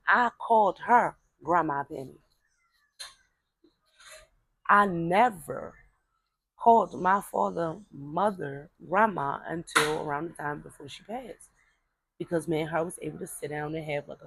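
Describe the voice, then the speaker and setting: A woman speaks slowly in a low-pitched, gravelly, husky voice that is a bit bright, pausing often. Chatting casually, she tells a family story, rambling with repeated words and fillers and voicing her relatives when she quotes them. The recording is low quality.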